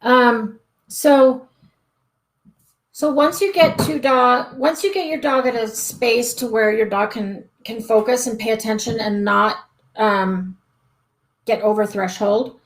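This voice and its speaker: A woman's voice: fairly high pitch, fairly even intonation, takes it slowly, poor audio. A woman dog trainer answering viewer questions on a live stream, chatty and full of ums, acting out what a dog thinks. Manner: chatty, many ums and restarts, acts out the dog's thoughts. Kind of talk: live-stream Q&A, casual explaining. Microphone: webcam or desk mic on a live stream.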